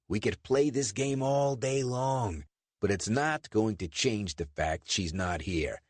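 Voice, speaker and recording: A man's voice: lowish voice, slow pace, no room sound, voice pushed up. Man voicing a wary, blunt agent. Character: cautious, impatient male American agent.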